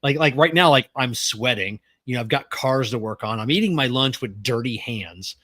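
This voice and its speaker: A middle-aged man co-hosting a podcast, talking casually and gruffly with plenty of swearing, close to the mic. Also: mid-range voice, moderate pace, bright, forceful tone, no room sound. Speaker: podcast co-host. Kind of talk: casual chat.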